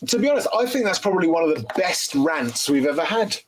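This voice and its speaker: A man's voice: on the high side, big pitch swings, fast talker, slight background noise, poor audio. A man hosting a casual panel chat on a live stream, sweary and enthusiastic, often repeating himself. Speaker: host.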